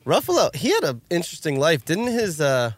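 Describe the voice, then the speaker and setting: A man's voice: a little high, wildly swooping pitch, fairly quick, no room sound. Laid-back man in casual chat. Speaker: podcast co-host.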